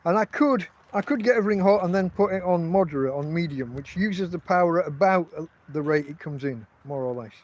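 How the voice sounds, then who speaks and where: A man with an English accent talks casually on a livestream from inside his tent. His voice sits high for a man, and he rambles through profane stories, stopping and restarting his sentences. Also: lively intonation, brisk, lo-fi sound. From England. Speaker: podcast host.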